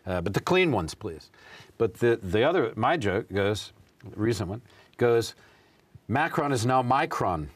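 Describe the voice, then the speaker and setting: A man hosting a casual talk show, rambling and halting as he sets up jokes. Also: lowish voice, very animated, dry recording. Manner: rambling, halting, self-deprecating. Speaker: host. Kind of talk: casual chat.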